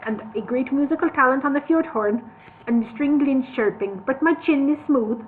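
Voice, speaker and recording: A woman putting on a towering blond man with a clumsy mock Swedish accent, pitched up and loud, flat and impassive, over a tinny lo-fi line with faint hiss. A storybook figure spoken with a heavy, deliberate manner. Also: natural voice. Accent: attempted Swedish. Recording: tinny lo-fi livestream audio, faint noise.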